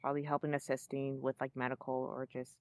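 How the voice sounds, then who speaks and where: Hesitant woman with a smooth voice. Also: a bass voice, flat delivery, fast talker, a little mellow, no room sound. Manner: hesitant, filler-heavy. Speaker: player. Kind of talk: in-character tabletop roleplay.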